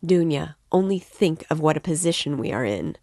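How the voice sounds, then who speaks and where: A woman's voice: low voice, lively intonation, normal speed, warm tone, no room sound, clean studio sound. A woman reading the part of an anxious, talkative middle-aged mother in a novel. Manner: worried, talkative.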